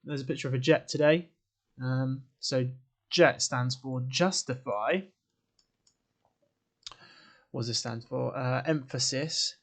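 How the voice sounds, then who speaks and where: A man's voice: medium pitch, measured pace. A man teaching an English writing lesson to camera, informal and chatty, quizzing the viewer and adding asides. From England. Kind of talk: classroom lesson video.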